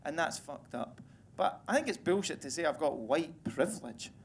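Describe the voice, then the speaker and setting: A Scottish man with a slightly high, sing-song voice speaks at a moderate pace, with a little hiss or hum. He's performing a crude, self-deprecating stand-up set on stage, the audience laughing behind him in a live room full of crowd ambience.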